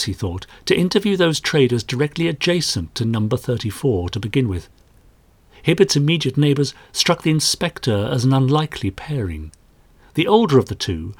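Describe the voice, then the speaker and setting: A man narrating a short story in a measured, dramatic storytelling manner. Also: mid-range voice, dry recording. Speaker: audiobook narrator. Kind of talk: scripted narration.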